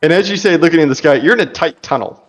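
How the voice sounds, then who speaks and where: A man narrating a tabletop role-playing game as game master, in a relaxed, chatty way. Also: on the high side, quick pace. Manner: relaxed and chatty, laughs easily.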